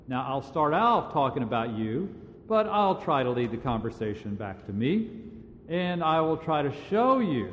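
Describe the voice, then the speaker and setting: A man's voice: a little high, very animated, normal speed, fairly bright tone, slight background noise. A man preaching a sermon as a pastor, in a conversational, emphatic way. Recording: dull sound in a large reverberant hall.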